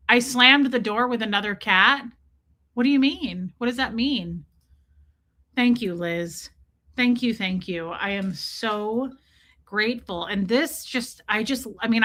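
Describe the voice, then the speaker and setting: Bright-voiced gushing woman streamer. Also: mid-range voice. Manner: gushing, chatty, greets viewers by name. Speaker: livestream host. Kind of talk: casual livestream chat.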